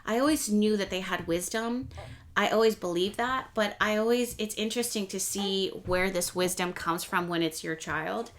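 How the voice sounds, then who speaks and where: A young woman hosting an astrology channel, talking casually and rambling a little as she explains the week's transits. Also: moderate pace. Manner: chatty, rambling, self-correcting; speeds up and rises in pitch when excited. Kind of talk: casual astrology talk to camera.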